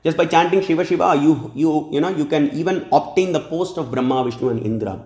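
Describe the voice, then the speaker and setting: A man's voice: a little high, fairly quick, warm tone, echoey room. A man giving a scripture lecture who recites verses, translates them, and often checks in with "hmm?". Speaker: religious lecturer.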